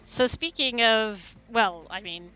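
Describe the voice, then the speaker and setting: A woman's voice: fairly high pitch, slow pace, pushed and bright, smooth. A woman hosting a casual livestream chat, giggly and prone to rambling. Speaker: livestream host.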